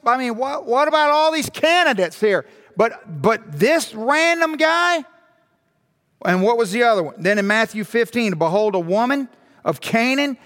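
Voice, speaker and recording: A male pastor preaching a sermon in an animated way, firing rhetorical questions and repeating words for emphasis. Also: high-pitched. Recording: long hall reverb.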